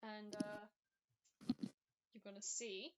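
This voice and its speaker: A woman's voice: medium pitch, flat delivery, takes it slowly, very noisy. A woman game master narrating a tabletop game, with many ums and uhs.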